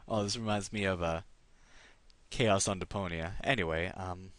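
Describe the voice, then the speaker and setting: A man's voice: sits low, moderate pace, fairly bright tone, dry recording. A man hosting a let's play, chatting and reading game text aloud.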